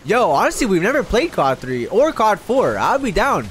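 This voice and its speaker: A man streaming a live video game session, chatting to viewers in an excitable, constantly swearing way. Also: high voice, normal speed, slight background noise. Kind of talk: casual live gaming commentary.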